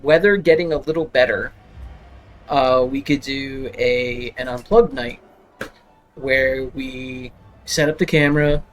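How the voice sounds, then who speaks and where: A man's voice: medium pitch, steady tone, a little slow, soft background music. A young man hosting a live stream, chatting casually with lots of fillers and frequent laughter. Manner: rambling, laughing often, full of fillers. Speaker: livestream host.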